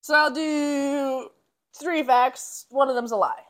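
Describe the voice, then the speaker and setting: A woman's voice: high voice, slow. A young woman co-hosting a podcast, telling a story in casual chat, giggly and teasing.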